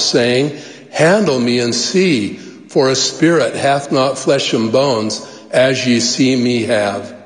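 A man delivering a formal devotional address as a church leader, measured and reverent in his phrasing. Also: medium pitch. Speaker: church leader giving a talk. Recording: echoey hall reverb.

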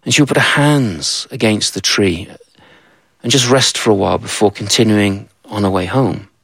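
A man's voice: lowish voice, normal speed, creaky, a bit bright, slightly rough, no echo. A man telling a folktale aloud, with conversational asides to the listener. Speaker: storyteller. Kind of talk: told folktale.

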